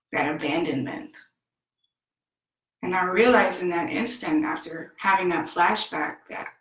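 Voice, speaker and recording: A woman vlogger telling a personal story in a slow, heartfelt and emphatic way. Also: fairly low pitch, fairly bright tone, roomy sound, poor audio. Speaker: self-help vlogger.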